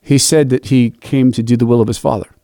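A man's voice: medium pitch, a little fast, no echo, clean studio sound. A man leading a youth Bible study, telling a story in a reflective, devotional way and acting out the dialogue. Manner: animated, acts out quoted dialogue.

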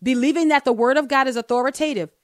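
A woman co-hosting a Christian talk show, earnestly teaching from the Bible and slowing down to read verses aloud. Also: sits high, no room sound. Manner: earnest, explains step by step, slows down to read verses.

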